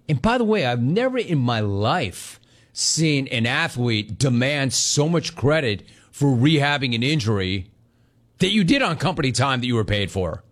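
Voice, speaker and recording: A man hosting sports talk, ranting sarcastically and mocking the people he talks about. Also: medium pitch. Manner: sarcastic, mocking, swings between shouting and mimicry. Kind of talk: sports talk radio rant.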